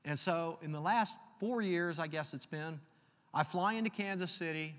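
A man preaching a sermon, reading scripture slowly and telling personal stories in a conversational way. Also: fairly high pitch, fairly bright tone. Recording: long hall reverb.

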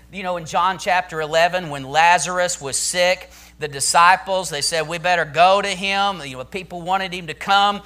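A man's voice: fairly high pitch, sharp tone. A man pastor preaching a sermon to his church, building to emphatic, intense declarations.

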